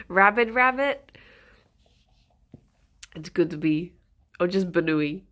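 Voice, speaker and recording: A woman's voice: on the low side, lively intonation, drawn-out words, long pauses, fairly bright tone. A woman streaming casually, giggly and rambling, chatting with viewers and talking to her rabbits, a bit sniffly.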